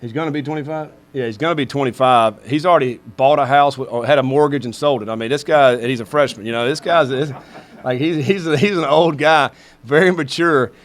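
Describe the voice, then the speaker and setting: A man's voice: mid-range voice, a little fast. A middle-aged man, a head football coach, answering questions at a press conference in a rambling way full of fillers.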